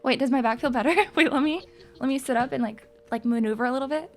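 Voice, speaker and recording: A young woman livestreamer chatting casually with viewers, playful and excitable, swearing and breaking into loud screams and laughs. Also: high-pitched, fast talker, faint music behind. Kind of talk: casual chat to stream viewers.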